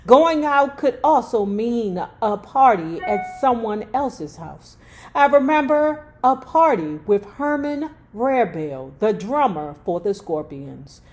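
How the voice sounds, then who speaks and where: A woman's voice: medium pitch, a little mellow. A woman reading a memoir aloud at her own pace, breaking off for blunt, profane asides. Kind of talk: book reading with casual commentary.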